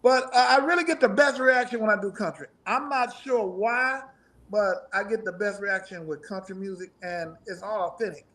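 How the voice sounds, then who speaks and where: A man's voice: high voice, moderate pace, fairly bright tone. A middle-aged man, a musician guest in a casual interview, talking in a rambling, profane way and laughing often.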